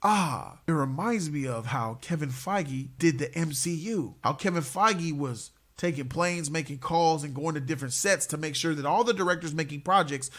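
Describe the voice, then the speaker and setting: A man hosting a superhero movie news show, talking in a slangy, excitable way and throwing in "bro" all the time. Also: fairly high pitch, normal speed, hardly any pauses. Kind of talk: casual hyped commentary.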